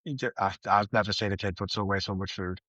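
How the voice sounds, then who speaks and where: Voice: low voice, fairly even intonation, fast, fairly bright tone, dry recording, muffled recording. A podcast co-host in casual chat who laughs often and chimes in with short reactions.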